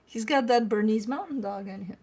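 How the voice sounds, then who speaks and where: A woman's voice: fairly high pitch, brisk, darkish tone, slightly rough. A woman who reads tarot, chatting casually on a live stream at home and cooing over her dogs between remarks.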